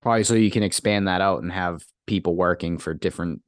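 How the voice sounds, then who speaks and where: A man rambles through a casual podcast chat, hedging and swearing as he goes. His voice sits fairly low, and the recording is close and dry. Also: fast, no echo. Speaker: podcast co-host.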